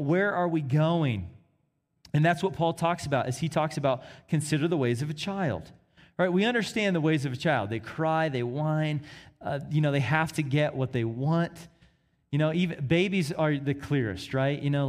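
A man preaching a sermon, swinging between emphatic rises and hushed, quiet drops. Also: a little high, normal speed.

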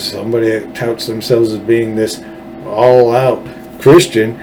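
Slow, angry Texan man ranting. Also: mid-range voice, level tone, a little mellow, a little hiss or hum, poor audio. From Texas. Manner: angry, profane, sarcastic. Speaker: political commentary host. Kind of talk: ranting solo commentary.

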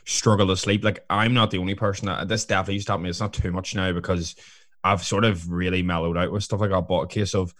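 A man's voice: sits low, flat delivery, fast talker, a bit bright, no echo, clean studio sound. A man in casual podcast chat, rambling with lots of fillers and swearing.

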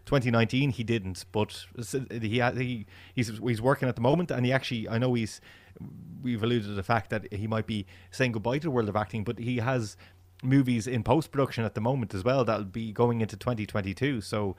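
A man's voice: medium pitch, a little fast, no room sound. A man co-hosting a casual film podcast, running through facts and years one after another. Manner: lists facts and years in a steady run. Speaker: podcast co-host.

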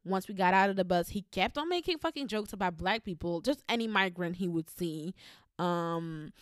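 A woman's voice: on the low side, expressive, normal speed, clean tone, no room sound, studio quality. A woman vlogger telling a personal story in a blunt, heated manner, swearing constantly. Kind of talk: storytelling monologue.

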